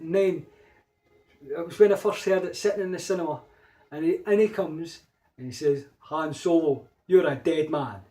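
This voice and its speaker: A man's voice: high voice, a little mellow, rough recording. Chatty Scottish man vlogging. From Scotland. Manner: chatty, rambling, frequent fillers and restarts. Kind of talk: casual solo vlog talk.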